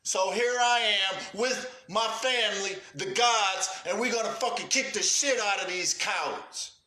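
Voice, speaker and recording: A man with a high-sitting, bright, forceful voice rants on a livestream, talking a little slowly in an echoey room. His urgency is laced with profanity as he calls out cowards and heaps praise on his viewers.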